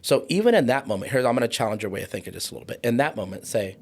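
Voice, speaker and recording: A man in his forties, a podcast guest talking about trauma in an impassioned, preachy way, slowing down for emphasis. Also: medium pitch, sing-song, slight background noise. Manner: fired-up, preachy, slows down for emphasis. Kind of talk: impassioned conversational podcast talk.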